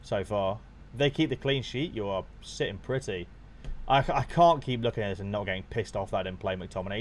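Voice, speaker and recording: A young man chatting casually to his viewers on a live stream while watching football, swearing freely and getting excited. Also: fairly low pitch, brisk.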